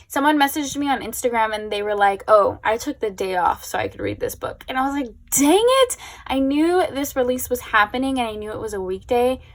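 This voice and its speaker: A woman's voice: a little high, a bit bright. A young woman chatting casually at home as a book vlogger, gushing and emotional, with lots of fillers. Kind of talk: casual chat.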